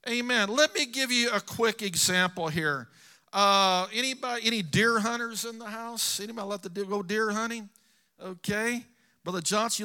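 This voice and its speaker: A man's voice: sits high, bright, forceful tone. A middle-aged man preaching a sermon, telling personal stories earnestly to his congregation. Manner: storytelling, earnest, addresses congregation.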